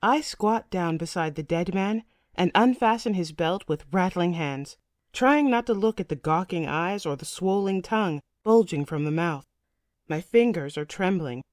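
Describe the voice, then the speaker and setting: A woman's voice: lowish voice, expressive, normal speed, darkish tone, no echo, clean studio sound. A woman audiobook narrator reading a first-person saga in a vivid, tense storytelling manner.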